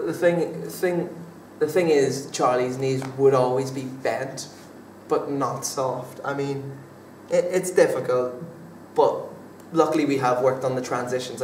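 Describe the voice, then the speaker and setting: Young male drama student for an interview, flat and halting delivery, recorded at a distance in an echoey room. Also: medium pitch. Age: young adult. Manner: hesitant, many fillers and restarts. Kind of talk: casual interview answers. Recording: echoey room from far off, faint background noise.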